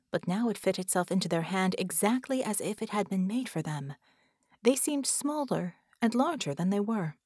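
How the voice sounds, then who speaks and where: A woman narrates an audiobook in a measured, expressive way. Her voice sits in a middle range. The close studio recording is dry, with no room sound. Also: medium pitch, no echo. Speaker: audiobook reader. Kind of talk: scripted narration.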